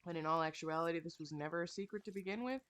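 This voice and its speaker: A woman's voice: fairly low pitch, very fast. Swearing, exasperated young woman ranting. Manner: swears a lot, animated and exasperated. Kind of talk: casual rant while playing a game.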